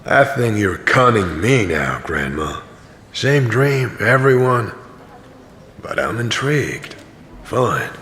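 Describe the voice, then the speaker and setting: A man's voice: fairly low pitch, very animated, bright, forceful tone, a little hiss or hum, exaggerated voice. A man narrating an audio drama as a tired, cynical wandering pilgrim. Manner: dry, tired, slow narration. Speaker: narrator and main character.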